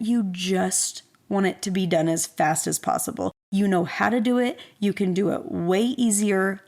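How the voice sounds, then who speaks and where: Woman in her thirties with vocal fry. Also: mid-range voice, a little mellow. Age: 30s. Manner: candid, self-deprecating, conversational. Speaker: podcast host. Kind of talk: personal storytelling.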